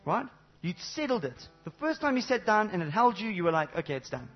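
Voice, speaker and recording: A man preaching a sermon to a congregation, animated, swinging between loud exclamations and low intimate asides, with many rhetorical questions. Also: fairly quick, muffled recording, soft background music. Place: church service before a congregation.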